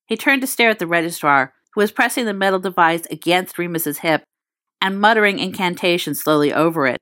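A woman's voice: a bit bright, no room sound, clean studio sound. A woman reading fan fiction aloud as narrator, acting out the dialogue with a lifted voice. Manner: acts out dialogue with raised pitch. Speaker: reader.

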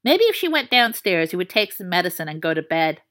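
A woman narrating a story in a playful, expressive reading. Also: fairly low pitch, a little fast.

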